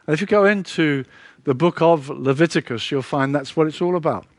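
A man's voice: on the high side, brisk, no room sound. Earnest male preacher, dry close sound. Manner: earnest, rises and drops for emphasis, repeats words. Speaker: pastor. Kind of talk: sermon.

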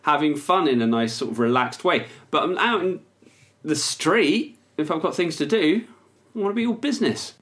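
A man's voice: on the high side, lively intonation, normal speed, fairly bright tone. A man co-hosting a comedy podcast, teasing and laughing often in casual chat. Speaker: podcast co-host.

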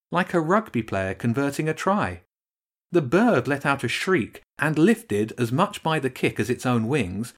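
A man narrating a children's storybook with expressive storytelling. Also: mid-range voice. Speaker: audiobook narrator. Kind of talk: scripted narration.

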